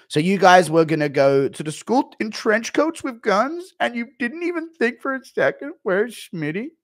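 A man's voice: big pitch swings, moderate pace. A man putting on the voice of a clingy friend who shrilly whines about being left out. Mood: shrill outrage. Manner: shrill, outraged, whining.

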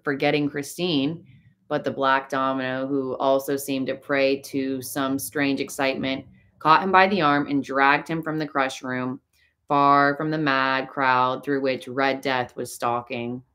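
A woman reading a classic novel aloud as an audiobook, in an expressive, dramatic way. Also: a bass voice. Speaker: audiobook narrator.

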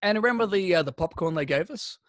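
A man's voice: high-pitched, expressive, fast talker, fairly bright tone, no echo, clean studio sound. A man, co-hosting a podcast and rambling through stories in casual chat. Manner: rambling storyteller with fillers. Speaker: podcast co-host.

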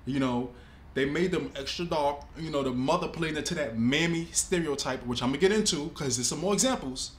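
Brief: male reaction-video host, emphatic and casual, slightly high voice, roomy echo. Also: a little fast, a little hiss or hum. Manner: animated, emphatic, casual vernacular. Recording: echoey room with faint ambience.

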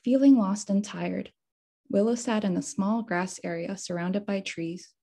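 A woman author reading her picture book aloud at a bookshop storytime, expressive and unhurried. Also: medium pitch. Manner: slow, expressive storytime reading with sound words. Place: bookshop event space.

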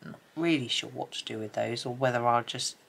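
A middle-aged British woman chatting casually while she colours, soft-spoken and rambling, often dropping to a murmur. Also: a bass voice, fairly quick, creaky, slight background noise. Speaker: colouring channel host.

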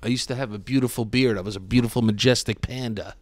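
A man's voice: mid-range voice, steady tone, fast talker, no echo. A young man hosting a comedy podcast, ranting in a self-deprecating, mock-wounded way with plenty of swearing. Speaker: podcast host.

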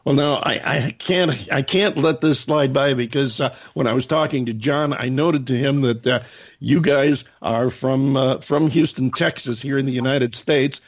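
Husky-voiced male podcast host. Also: medium pitch, moderate pace. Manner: hesitant, many fillers and restarts. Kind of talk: casual interview.

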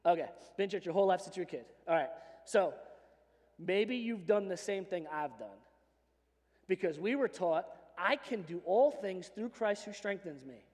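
A man preaching a sermon as pastor, animated and joking in a conversational way. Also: high voice, normal speed. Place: church sanctuary. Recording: long reverb of a church hall.

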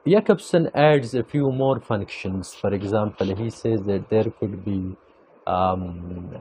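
A man giving an academic lecture, speaking deliberately and repeating key phrases for emphasis. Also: lowish voice, mellow, a little hiss or hum, low-quality recording.

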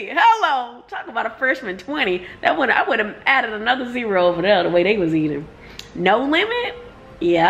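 Gravelly young woman vlogging casually. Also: mid-range voice, noisy background. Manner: expressive, laughing, slangy and profane. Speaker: book vlogger. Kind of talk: casual reading vlog.

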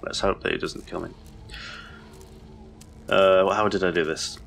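A man's voice: low voice, slow, creaky, long pauses, pushed and bright, soft background music. A man giving rambling, confused, sweary commentary as he plays a horror game. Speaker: let's play host. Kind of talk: gameplay commentary.

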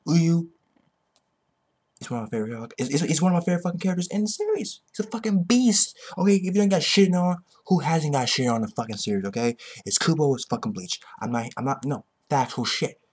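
A man ranting excitedly about a manga chapter, swearing constantly and repeating himself. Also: a little high, fast talker, breathy edge. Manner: excitable, heavily profane, repetitive. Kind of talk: ranting reaction commentary.

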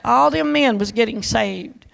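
An older woman evangelist telling a testimony in a folksy, animated way, with chuckles and frequent restarts. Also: a little high, measured pace, gravelly. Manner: repeats words and restarts often. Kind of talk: testimony storytelling.

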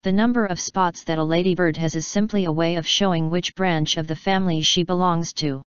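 A woman's voice: on the low side, steady tone, fairly quick, smooth, no room sound, close to an everyday voice. A woman voicing a modest, genteel female ladybird who speaks politely and a little primly. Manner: polite, prim and refined. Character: genteel, modest female ladybird, proud of her nine spots. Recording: slightly dull, dry recording.

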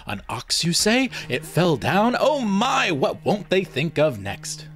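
A man's voice: on the high side, big pitch swings, normal speed. A man voicing a bored, sarcastic young man who brushes off his friend's news. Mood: sarcastic, dismissive. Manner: dry, sarcastic, dismissive.

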